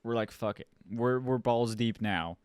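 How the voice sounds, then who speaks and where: A man's voice: mid-range voice, measured pace, clean tone, dry recording, clean studio sound. A young man from Ohio, co-hosting a podcast and telling a story in an exasperated, swearing, casual way. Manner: swears a lot, animated and exasperated. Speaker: podcast co-host.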